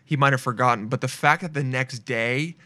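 A man hosts a relaxed talk and fires back quick, crude jokes. His voice sits at a middle pitch. The sound is dry, with no room around it. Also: no room sound. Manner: quick reactions and crude banter. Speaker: podcast host. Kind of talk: casual chat.

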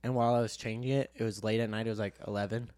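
A man's voice: fairly low pitch, level tone, rapid-fire, a little mellow, dry recording. Young man telling a rambling story. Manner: rambling storyteller, restarts, swears, jokey. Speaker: podcast co-host. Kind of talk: casual chat.

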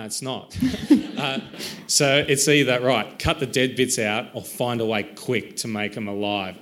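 A man's voice: lowish voice, a bit bright. A man talking as an author in an interview, thoughtful and self-deprecating, rambling a little with restarts. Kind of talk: reflective conversational interview.

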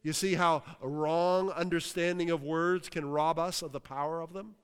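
Preaching in a large hall that gives his voice a long reverb, this Western Pennsylvania pastor sounds smooth and resonant, slightly high for a man, with fairly even intonation at a moderate pace. Between points he shouts hallelujah and keeps asking the crowd whether they're with him.

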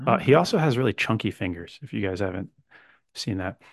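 A man's voice: lowish voice, animated, brisk, no echo, studio quality. A man hosting a podcast, chatting casually in a joking, rambling way and playfully quizzing his co-host. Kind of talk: casual chat.

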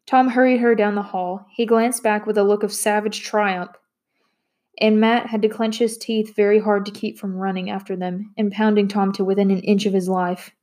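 A woman reading a novel aloud with steady, expressive storytelling. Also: mid-range voice, normal speed. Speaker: narrator. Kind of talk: audiobook narration.

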